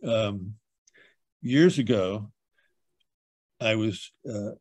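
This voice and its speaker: A man's voice: lowish voice, drawn-out words, no room sound. Rambling older man telling a story. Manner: rambling, warm storytelling with restarts. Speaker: book club host and bookseller. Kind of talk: casual book club chat. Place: video call. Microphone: video call.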